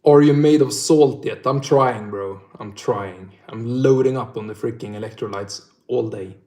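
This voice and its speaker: A young man from northern Sweden, speaking with a Swedish accent in a mid-range, dark-toned voice at normal speed, chats casually on a livestream. He swears a lot and laughs often, and the recording has a roomy echo.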